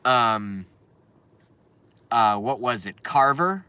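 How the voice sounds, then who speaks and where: A live stream host talks loosely to his viewers, swearing often and ranting as he goes. His voice has a bright, cutting edge and sits at a medium pitch. He is heard close on a desk microphone. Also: lively intonation, very slow, smooth, dry recording. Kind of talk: casual live stream rant.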